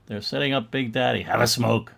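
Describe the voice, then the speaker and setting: Man co-host, gravelly, chatty and laughing, flips through comic pages and reads captions in mock voices. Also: medium pitch, steady tone, a little fast, fairly bright tone. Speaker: museum co-host. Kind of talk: casual comic-book show-and-tell chat.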